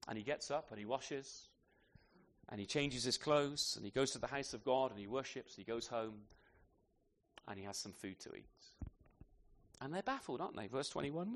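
A man preaching an expository sermon in a church, animated, asking his listeners rhetorical tag questions and restarting phrases as he goes. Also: medium pitch, normal speed, long pauses. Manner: repeats words as he restarts phrases. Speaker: pastor.

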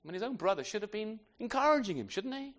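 A man's voice: high voice, big pitch swings, fast talker, a bit bright. Preacher man who keeps asking "isn't he?". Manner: conversational, frequent tag questions; self-deprecating asides. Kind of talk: expository sermon.

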